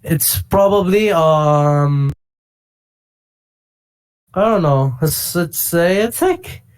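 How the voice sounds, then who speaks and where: A man co-hosting a casual fighting-game chat, telling stories with excitable energy. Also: fairly high pitch, drawn-out words, clean tone. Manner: excitable, animated storytelling with bursts of shouting. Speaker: podcast co-host.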